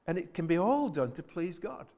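A man delivers a church sermon in a fairly high voice. He speaks earnestly, circles back over his own phrases, and keeps checking in with the congregation through rhetorical questions. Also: big pitch swings, normal speed, darkish tone. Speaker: preacher.

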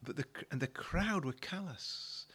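A man's voice: on the high side, lively intonation, a little slow, fairly bright tone, slightly rough. A male pastor preaching a sermon, retelling a story in a conversational way and often repeating words as he restarts a thought.

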